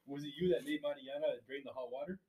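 A man's voice: fairly high pitch, quick pace, reverberant, a crowd in the background, low-quality recording. A young man telling work stories among friends in a casual, slangy, profane way, laughing often.

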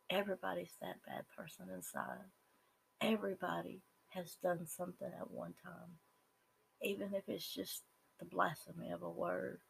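A speaker with a Southern US accent gives an earnest, halting personal testimony, with some words dropping to a whisper. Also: mid-range voice, creaky, slight background noise, low-quality recording. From Southern United States. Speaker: person sharing their life story.

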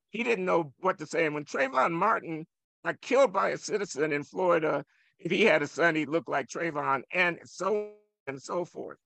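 Older man, high gravelly voice, emphatic and provocative, dry close sound. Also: a bit bright, no echo. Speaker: economist guest. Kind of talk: heated interview argument.

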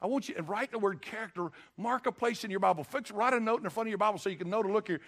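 A man's voice: sits high, racing, hardly any pauses, fairly bright tone. An older man preaching a sermon as pastor, with a folksy, emphatic delivery that keeps calling on the congregation to respond. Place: church sanctuary.

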